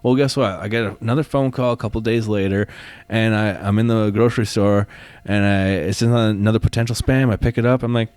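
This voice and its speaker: A man's voice: on the low side, steady tone, fairly quick, a little mellow, clean tone, dry recording. Guy cohosting a podcast, swears a lot while telling stories, dry close sound. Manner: loose, swearing storyteller. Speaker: podcast co-host. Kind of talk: casual podcast chat.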